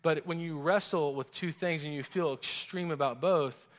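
A man preaching a sermon as a pastor, animated and acting out quoted voices. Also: on the high side, moderate pace. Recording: long reverb of a large hall.

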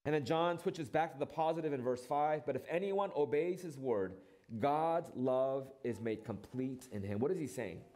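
A middle-aged male pastor preaching an earnest sermon, asking rhetorical questions and dropping his voice low when quoting scripture. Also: normal speed, dark tone.

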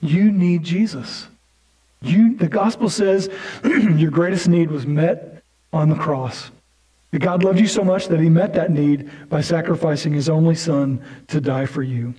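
A man's voice: on the high side, unhurried, mellow, low-quality recording. A male pastor preaching a sermon in a conversational way, with asides and restarts.

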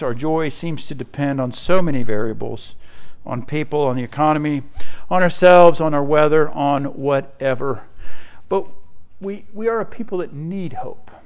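Gravelly-voiced male pastor preaching. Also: a little high. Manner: conversational storytelling, frequent asides with "right?". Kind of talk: sermon.

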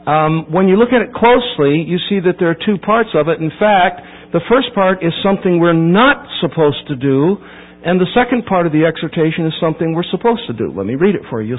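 A man preaches, working through a scripture verse with emphatic build-ups and sudden quiet drops. His voice sits a touch high for a man and comes through husky. The recording is thin and phone-like, with a steady mains hum underneath. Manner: emphatic, rising to near-shouting at key points. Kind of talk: sermon.

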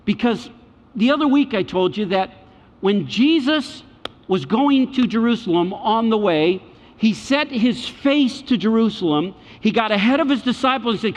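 A male pastor preaching a sermon, emphatic, repeating key phrases and swinging between loud and hushed delivery. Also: sits high, expressive, normal speed. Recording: dull sound with long hall reverb.

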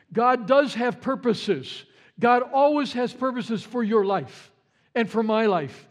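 High-voiced male preacher. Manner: conversational preaching with stammered restarts and acted quotes. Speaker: pastor. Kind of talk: sermon.

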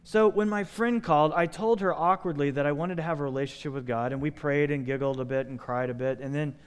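A male pastor preaching a sermon, telling stories with lively voicing of the people he quotes. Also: a little high, fast talker, clear, resonant tone. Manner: animated storytelling, acting out quoted voices. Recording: long hall reverb.

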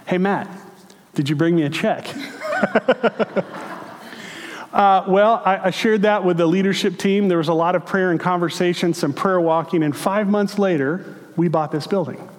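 A male pastor preaching a sermon, telling personal stories in a relaxed, conversational way. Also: sits high. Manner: conversational storytelling, chuckles at own stories. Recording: long hall reverb.

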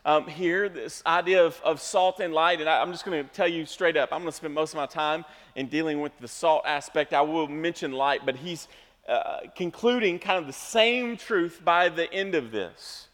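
Pastor, male, high-pitched, emphatic sermon delivery, reverberant church hall. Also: moderate pace. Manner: emphatic preaching, builds to loud stressed phrases.

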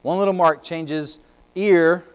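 A man's voice: a little high, fairly even intonation, slow, clean tone. Emphatic male pastor preaching a sermon. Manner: explanatory, emphatic preaching with wide swings in loudness.

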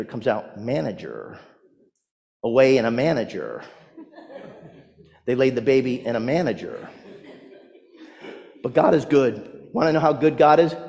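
A man's voice: on the high side, a little mellow. A man, a pastor, preaching a sermon and telling stories with rising emphasis. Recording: long hall reverb.

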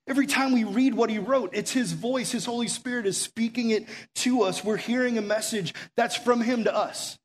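A man's voice: very high-pitched, moderate pace, hardly any pauses. A man preaching a conversational sermon as pastor, urgent and full of rhetorical questions. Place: room with a gathered audience.

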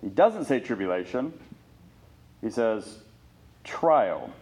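A male pastor delivering a sermon in an earnest, emphatic way. His voice sits at an ordinary middle pitch. He builds his points with lists and rhetorical questions. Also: lively intonation, unhurried, a little mellow.

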